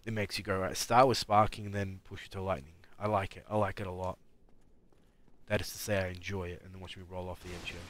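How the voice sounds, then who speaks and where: A man's voice: low voice, steady tone, fast talker. Mumbling man streaming a game. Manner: mumbling, rambling, talks back at enemies. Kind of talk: live gameplay commentary.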